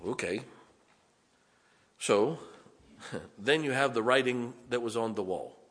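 A man preaching a sermon, animated and conversational, with dramatic emphasis and asides. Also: medium pitch, slow pace, big-room sound.

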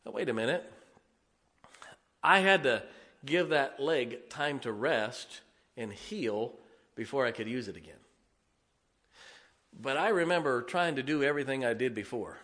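A man preaching, telling a folksy, animated, self-mocking story from the pulpit. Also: mid-range voice, unhurried, pauses often. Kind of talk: storytelling sermon. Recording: long reverb of a large hall.

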